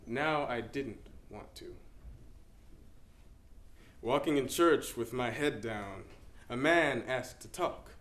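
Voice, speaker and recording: A young man playing a middle-aged pastor with ALS, shifting between wry humor and quiet gravity, performed on a stage in an echoey hall. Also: mid-range voice, slow, pauses often, voice pushed down. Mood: reflective. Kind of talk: dramatic interpretation performance.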